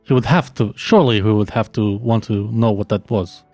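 A man's voice: on the low side, brisk, darkish tone, dry recording, soft background music. Man thinking aloud as a tabletop player. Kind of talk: casual tabletop play.

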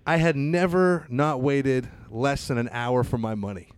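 A man's voice: mid-range voice, a little slow, clean tone, no echo. A man, a stand-up comedian, telling crude anecdotes in casual talk and acting out the people in them. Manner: animated, profane, acts out voices in anecdotes. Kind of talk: casual podcast storytelling.

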